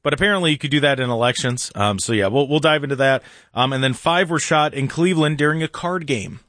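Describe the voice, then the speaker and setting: Chatty talk radio host, dry sound. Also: male voice, on the high side, quick pace, a bit bright, no room sound. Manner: chatty, laughs often, mimics voices.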